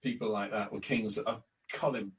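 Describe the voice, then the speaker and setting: An older man sits a little back from the microphone, so his lowish voice sounds distant. He tells long anecdotes in a relaxed interview, acting out old conversations and restarting his sentences often. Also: normal speed. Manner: anecdotal, acts out quoted exchanges, frequent restarts. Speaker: interview guest, former club announcer and editor. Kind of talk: storytelling in a relaxed podcast interview. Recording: distant from the mic.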